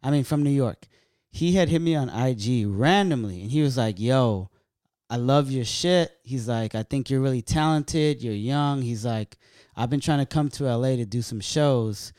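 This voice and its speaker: A man's voice: mid-range voice, moderate pace, no echo, clean studio sound. A man from California, a stand-up comedian, telling loose, profane stories in casual chat. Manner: loose, profane, animated storytelling.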